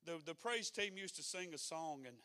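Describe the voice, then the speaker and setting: Man preaching, fairly high voice, plain-spoken and down-home, building to fervent urging. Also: animated, moderate pace, sharp tone. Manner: folksy and conversational, rising to fervent exhortation. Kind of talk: sermon.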